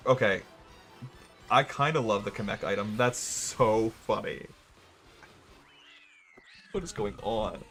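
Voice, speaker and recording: Young male streamer, slightly low pitch, casual sarcastic rambler, faint game music behind. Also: slow pace, long pauses, a bit bright. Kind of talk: gaming livestream chat.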